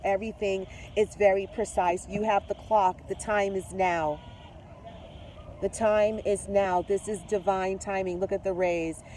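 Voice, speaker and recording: An effusive tarot reader talks straight to the viewer in a casual reading. The voice sits mid-pitch with a mellow, rounded tone. Faint noise hums behind it. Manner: mixes spiritual talk with swearing and slang.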